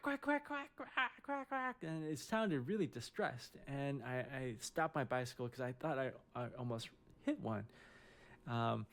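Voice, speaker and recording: A middle-aged man, a surgeon, telling a personal story in a casual, halting way with many fillers and restarts. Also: mid-range voice, a little mellow.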